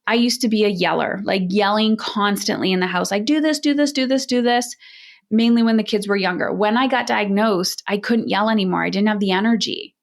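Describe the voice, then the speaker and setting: A woman's voice: medium pitch, fairly even intonation, brisk, creaky, hardly any pauses. Direct, emphatic woman parenting coach. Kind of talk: podcast interview conversation.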